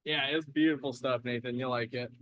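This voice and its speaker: A man's voice: medium pitch, steady tone, fairly quick, fairly bright tone, no room sound, studio quality. A man co-hosting a casual live stream from a lapidary shop, upbeat and chatty as he answers viewers. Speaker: co-host of a live rock-cutting stream.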